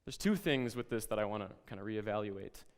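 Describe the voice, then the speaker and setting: A man presenting a lesson to educators, speaking in a calm, reflective, guiding way and telling a story. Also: on the low side, fairly quick, long reverb tail.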